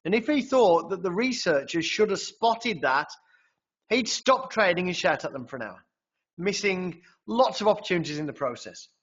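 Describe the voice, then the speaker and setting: Guy teaching a trading webinar, chatty, keeps saying right?, slightly high voice, muffled audio. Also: expressive, normal speed, fairly bright tone. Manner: conversational, frequent tag "right?". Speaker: trading educator presenting a webinar. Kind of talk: presented webinar talk.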